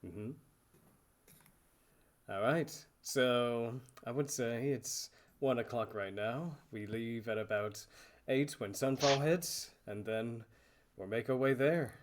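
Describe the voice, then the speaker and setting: A man narrating as dungeon master, describing scenes in a relaxed, loosely improvised way. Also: medium pitch, slow, slight background noise. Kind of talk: narrating a tabletop game.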